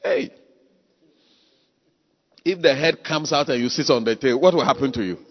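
A man preaching a sermon, telling stories with sudden loud exclamations. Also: mid-range voice, expressive, moderate pace. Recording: echoey hall, dull lo-fi sound.

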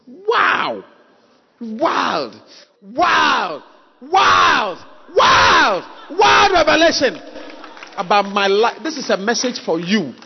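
A man pastor preaching a sermon at a church service, emphatic and repetitive, leading the congregation in shouted call-and-response. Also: sits high, slightly rough, dull audio.

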